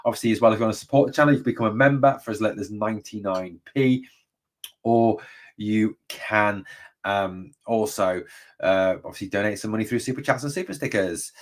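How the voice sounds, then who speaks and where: A man's voice: fairly low pitch, a little fast, recorded from a distance. A man hosting a live stream, reading viewer comments and answering bluntly, often swearing and saying "mate". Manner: blunt and swears freely, says "mate" and "obviously" a lot. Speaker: host of a fan channel.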